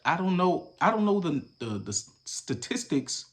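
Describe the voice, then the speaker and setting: A young man talks through his reaction in loose, profane commentary, his pitch leaping and dropping all over. He goes from loud, punchy outbursts to low, muttered asides. It sounds like casual podcast talk. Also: moderate pace. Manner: animated, profane, switches between loud acted-out bits and low mutters. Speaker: podcast host reacting to a viral video.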